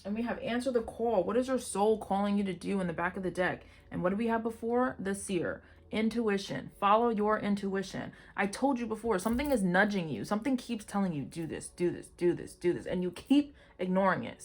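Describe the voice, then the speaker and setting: Talking fairly quickly with hardly any pauses, a woman with a medium-pitched voice reads tarot for her viewers. She's casual and excitable, cursing freely and bursting into exclamations while giving them a pep talk.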